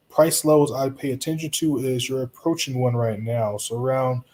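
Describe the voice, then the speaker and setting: A man hosting a live stream in a relaxed, reassuring way, chatting to viewers and answering their comments. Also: medium pitch. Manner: relaxed, reassuring, talks straight to viewers with frequent "you know" and "right?".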